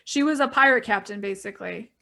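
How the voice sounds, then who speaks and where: Gravelly, higher-pitched woman chatting. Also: fast, sharp tone. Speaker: guest writer. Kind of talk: casual panel chat.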